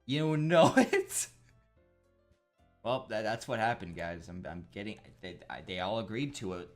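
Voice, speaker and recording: A man's voice: low voice, a little fast, faint music behind. Profane young man joking through a game. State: slightly sick with a cough. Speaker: let's play gamer. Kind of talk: casual game commentary and reading aloud.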